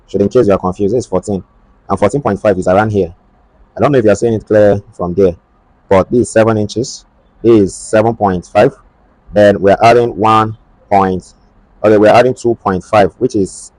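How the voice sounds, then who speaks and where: A man's voice: fairly low pitch, darkish tone, no room sound, poor audio. A man teaching sleeve drafting step by step, repeating himself and thinking aloud as he draws and measures. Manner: halting, repetitive, thinks aloud while drawing. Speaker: tailoring instructor. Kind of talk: step-by-step sewing tutorial.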